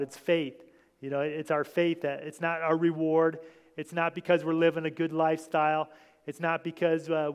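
A man's voice: fairly high pitch, clean tone. A man preaching an informal sermon, talking to his congregation with many restarts and asides. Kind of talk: informal sermon reading scripture. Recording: long hall reverb.

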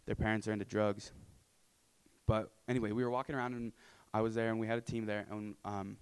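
Smooth low-voiced young man giving testimony. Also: flat delivery, brisk, poor audio. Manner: casual and earnest, many fillers and tag questions. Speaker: returned mission volunteer. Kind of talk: personal testimony to supporters.

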